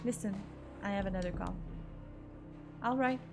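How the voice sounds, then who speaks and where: A woman's voice: medium pitch, normal speed, vocal fry, music in the background, natural voice. A woman reading the lines of a supportive, reassuring friend in a visual novel. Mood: caring. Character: caring loyal woman friend on phone.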